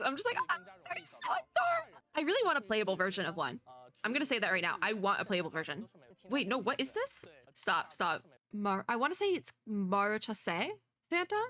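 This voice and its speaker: A woman reacting to a game presentation in a chatty, rambling way, laughing often and jumping into high squeals at cute things. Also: bright, forceful tone. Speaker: video game streamer. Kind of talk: reaction commentary.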